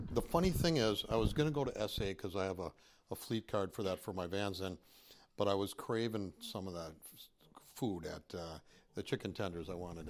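A man's voice: lowish voice, a little hiss or hum. Man telling a rambling testimony. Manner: rambling, animated, with many restarts. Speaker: church group member giving a testimony. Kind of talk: casual storytelling testimony.

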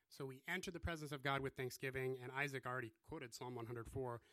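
A man's voice: medium pitch, brisk, hardly any pauses, fairly bright tone, no echo. A man from the US Midwest, preaching a casual, self-deprecating sermon. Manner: conversational, self-deprecating, joking asides. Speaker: pastor.

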